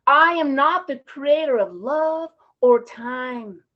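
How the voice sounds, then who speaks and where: A woman's voice: high-pitched, takes it slowly. A woman giving a frank, casual personal talk at a recovery conference, emotional and peppered with slang. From Champaign, Illinois area. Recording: muffled lo-fi conference audio.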